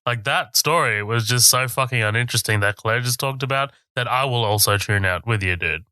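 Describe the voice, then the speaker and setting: A laid-back man co-hosting a film podcast chats along easily, agreeing a lot. His voice is very bright and tense. The sound is dry, with no room around it. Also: medium pitch, brisk, clean tone, dry recording. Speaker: podcast co-host. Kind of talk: casual film-review chat.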